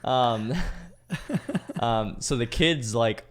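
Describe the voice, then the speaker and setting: A young man tells a long story on a podcast in a loose, profane, rambling way, filling it with "like"s. His voice is smooth and clear and sits a little low. His talk is casual and unpolished. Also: fairly quick. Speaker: podcast co-host.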